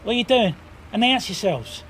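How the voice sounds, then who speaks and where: A man voicing a pompous, blustering male knight who shouts indignantly in a high voice. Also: animated, normal speed, slight background noise.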